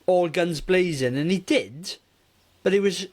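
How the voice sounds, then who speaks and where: A man co-hosting a casual movie review podcast, talking in an animated, rambling way and often interrupting himself. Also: high-pitched, measured pace. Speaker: podcast co-host.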